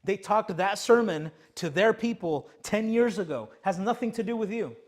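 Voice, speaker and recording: A man's voice: sits high, animated, moderate pace. A young man preaching a sermon as pastor of his church, emphatic and full of rhetorical questions. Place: church sanctuary.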